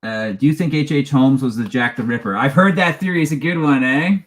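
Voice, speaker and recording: A man's voice: medium pitch, brisk, slight background noise. A man, hosting a casual live-stream chat in a rambling, chatty way and laughing often as he reads viewer questions aloud. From Canada. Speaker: true crime channel host.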